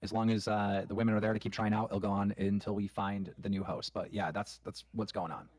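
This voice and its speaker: A man's voice: fairly low pitch, little pitch movement, brisk, a little mellow, no room sound. A man hosting a livestream show, talking bluntly and emphatically with plenty of profanity. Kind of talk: livestream commentary.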